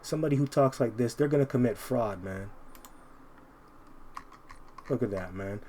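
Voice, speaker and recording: A man giving an informal, combative scripture commentary. He reads verses slowly and keeps tacking "man" onto his lines. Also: medium pitch, warm tone, a little hiss or hum. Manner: combative, repeats "man" constantly. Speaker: Bible teacher.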